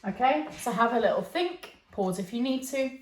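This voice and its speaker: Slightly high and animated, this woman's voice keeps a moderate pace while she teaches English online. There's slight background noise and an echoey room, and she patiently checks on her learners with "okay" and "yeah."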